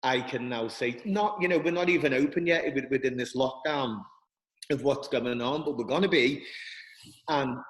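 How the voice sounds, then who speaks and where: A man speaking earnestly and haltingly as a guest, often restarting his sentences. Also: medium pitch, big-room sound, poor audio. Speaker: guest, dance school director. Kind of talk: reflective interview talk.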